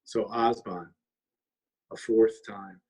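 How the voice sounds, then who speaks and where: Husky-voiced man telling a story. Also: on the low side, takes it slowly, rough recording. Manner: lively, weaves in Abenaki words. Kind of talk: oral storytelling. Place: longhouse.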